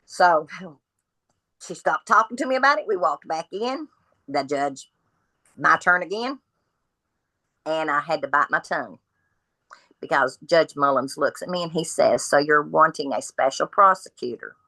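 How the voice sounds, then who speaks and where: A woman tells her story as a podcast guest, speaking bluntly and acting out each person's lines. Her voice sits low and lands with a forceful edge. The sound is dry and close. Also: unhurried, pauses often, no echo, rough recording. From Kentucky. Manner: blunt, animated retelling of dialogue.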